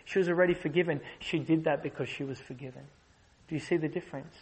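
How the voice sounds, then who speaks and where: A man delivering a sermon as a visiting preacher, his voice sitting a little high. He builds to loud, passionate peaks, then drops into soft, slow explaining. The delivery is earnest and driving throughout. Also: steady tone, poor audio. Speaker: guest preacher.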